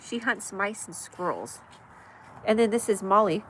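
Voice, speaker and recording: A woman hosting a casual livestream from her mother's house at night, chatty and rambling, reading the chat aloud with frequent laughs and sudden excited shouts. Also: fairly high pitch, a little slow, a little hiss or hum. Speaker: livestream host.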